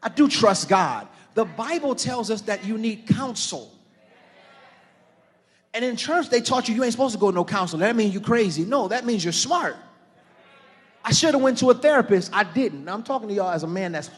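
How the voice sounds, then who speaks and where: Middle-aged pastor, high-pitched, preaching with rising fervor, live in a church hall with a long echo. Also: male voice, lively intonation, moderate pace, slightly rough. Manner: preaching with rising shouted intensity, calling on the congregation. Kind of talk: sermon.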